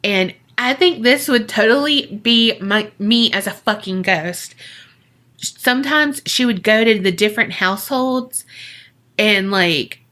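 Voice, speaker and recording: A woman's voice: unhurried, bright, forceful tone. A woman co-hosting a podcast, telling a ghost story in a chatty, profane way with jokey asides and acted-out voices. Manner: acts out quoted voices with big pitch jumps. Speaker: podcast co-host. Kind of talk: casual storytelling.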